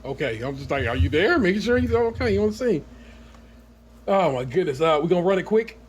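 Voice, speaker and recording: Joking podcast host, slightly high voice. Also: male voice, sing-song, breathy edge. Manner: loose, joking, quick asides with laughs. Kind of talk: casual podcast banter. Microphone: remote call.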